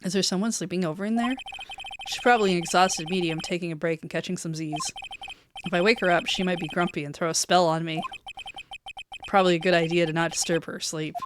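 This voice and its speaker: A woman's voice: fairly low pitch, steady tone, fast, noisy background. A woman streamer reading a game's dialogue aloud, dropping wry joking asides. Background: game music.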